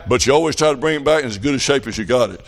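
A middle-aged man with a Southern US accent preaching a revival sermon, telling folksy stories and building up to fervent shouts. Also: mid-range voice, lively intonation, very fast.

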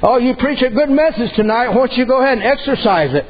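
A kindly, fatherly God speaks with gentle teasing, as a man puts Him on in his sermon. The voice sits high and comes through a dull, lo-fi recording. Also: animated, fast. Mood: gently teasing.

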